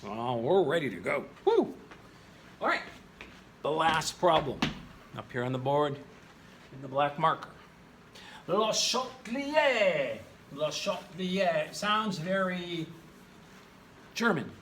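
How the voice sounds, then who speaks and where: A male chemistry teacher recording a lesson at a whiteboard in his classroom, playful and jokey, often jumping into high exclamations. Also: sing-song, unhurried, long pauses, a bit bright, a little hiss or hum. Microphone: camera in the room.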